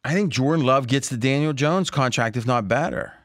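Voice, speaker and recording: A man's voice: mid-range voice, brisk, no echo. A man hosting a sports betting podcast in a loose, joking way, with a close studio mic. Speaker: podcast host.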